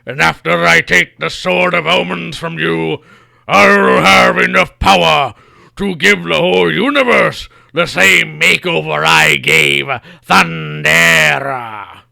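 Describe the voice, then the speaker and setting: A man reading comic lines as a smug, theatrical undead male wizard villain, slow and grandiose. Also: on the high side, creaky, pushed and bright, no echo, heavily acted.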